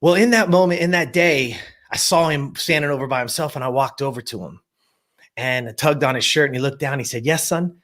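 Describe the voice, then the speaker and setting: A man's voice: medium pitch, a little fast, fairly bright tone. A man in his fifties, a guest telling a personal story in an emphatic motivational style, repeating words and addressing the audience directly. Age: 50s.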